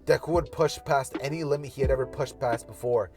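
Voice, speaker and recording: Casual male storyteller, mid-pitched, loose and rambling, music underneath. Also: brisk, darkish tone. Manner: rambling, repetitive hypothetical narration with fillers. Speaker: YouTuber. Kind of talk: casual fan-fiction storytelling.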